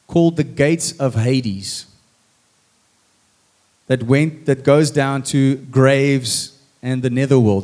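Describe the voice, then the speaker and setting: A male preacher speaks to his congregation from the stage. His delivery is lively and dramatic, and he acts out the scripture as he tells it. His voice sits at an ordinary middle pitch. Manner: lively and dramatic, acting out lines. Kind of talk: sermon with acted scripture.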